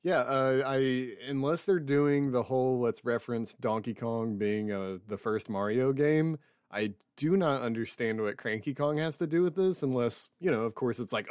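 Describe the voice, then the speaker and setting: A man's voice: medium pitch, normal speed, darkish tone, clear, resonant tone, no room sound, clean studio sound. A man co-hosting a podcast in casual chat, reading out news items with a wry, chatty manner. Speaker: podcast co-host.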